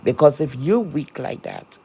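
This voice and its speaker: A woman's voice: deep voice, animated, measured pace, mellow, husky. Blunt, scolding woman on a livestream. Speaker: chat moderator. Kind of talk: livestream rant.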